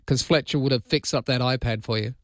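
An Australian man hosting an overnight talkback radio show, chatting warmly with callers and calling them his friend. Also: mid-range voice, fairly even intonation, a little fast, dry recording, studio quality. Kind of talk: late-night talkback radio chat. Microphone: studio microphone.

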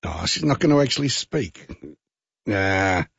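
A man's voice: lowish voice, animated, unhurried, vocal fry, a bit bright, breathy edge, dry recording. A man co-hosting a radio show, chatting eagerly and repeating words as he gathers his thoughts. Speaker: radio co-host. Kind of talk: casual radio banter. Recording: dry, slightly muffled radio sound.

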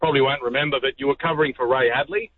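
A man's voice: mid-range voice, fairly even intonation, very fast, no echo. An Australian man calling a radio show, heartfelt and a little emotional. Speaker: caller. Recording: phone line.

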